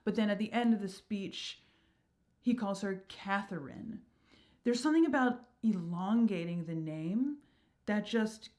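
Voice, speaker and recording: A woman explaining poetic meter in a chatty lesson, reading quoted lines slowly and softly. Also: medium pitch. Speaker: verse teacher.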